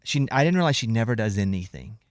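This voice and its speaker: A man hosting a radio morning show, telling quick joking stories. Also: fairly low pitch, sing-song, dry recording, clean studio sound. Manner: quick joking storyteller, self-teasing. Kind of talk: casual morning show banter.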